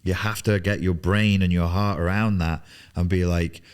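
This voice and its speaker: Steady, clear and resonant, his low voice moves at a moderate pace. The speaker is a man in his 40s in a television studio, coaching on business with emphatic bluntness, plenty of swearing, and repeated words for emphasis.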